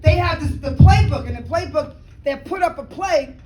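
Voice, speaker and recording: A woman guest speaker giving a motivational talk, telling a lively story, acting out conversations and laughing often. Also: high-pitched, normal speed, recorded from a distance, a little hiss or hum. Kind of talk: motivational speech. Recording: echoey hall, speaker away from the mic.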